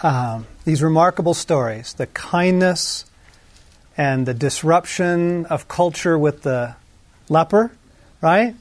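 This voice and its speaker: A man teaching from the Bible in a relaxed, conversational way, acting out quoted lines with lively jumps in pitch. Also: takes it slowly, no echo. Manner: conversational, animated, acts out quotes with shifts in pitch.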